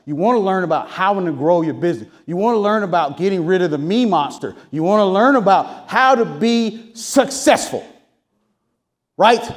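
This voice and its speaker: A woman delivering a motivational speech with lively, emphatic energy. She speaks in short, punchy repeated phrases, fires rhetorical questions at the audience and keeps asking whether they agree. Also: fairly low pitch.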